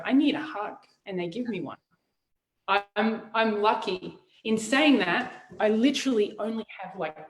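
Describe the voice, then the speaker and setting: A woman's voice: medium pitch, echoey room, poor audio. A woman speaking frankly in a casual chat, often restarting her sentences. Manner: frank, halting, many restarts.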